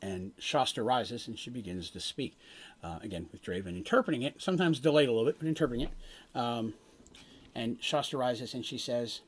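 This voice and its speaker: A man's voice: medium pitch, expressive, brisk, breathy edge. A man runs a tabletop game, telling the scene in a loose, rambling way. His voice moves up and down a lot as he talks. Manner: casual, rambling narration with restarts. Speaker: game master.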